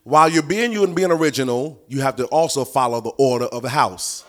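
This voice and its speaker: A man teaching a prophetic training session in an animated, folksy preaching style, with punchy repetition and sudden sung or shouted phrases. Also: mid-range voice, brisk. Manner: folksy colloquial delivery. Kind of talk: teaching sermon.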